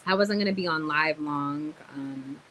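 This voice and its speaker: A young woman vlogging casually on a livestream, tired and chatty, telling stories with sudden loud exclamations. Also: low voice, measured pace, a little hiss or hum, low-quality recording.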